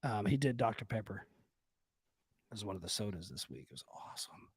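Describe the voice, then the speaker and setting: A man's voice: lowish voice, sing-song, a little fast, darkish tone, slightly rough, no room sound. A man co-hosting a comedy podcast, rambling with crude jokes and lots of fillers. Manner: vulgar, joking, rambling with fillers. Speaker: podcast co-host.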